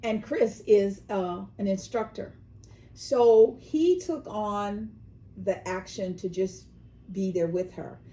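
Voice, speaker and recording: A woman's voice: medium pitch, slow pace, dark tone, low-quality recording. A woman from California co-hosting a casual chat show, telling news stories and sometimes acting out the voices of the people in them. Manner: storytelling, acts out quoted voices. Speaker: co-host.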